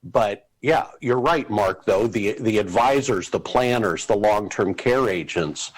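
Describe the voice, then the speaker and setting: A man's voice: fairly low pitch, measured pace, low-quality recording. A man speaking as a panelist, talking things through conversationally. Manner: conversational, thinks aloud with fillers. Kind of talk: panel discussion.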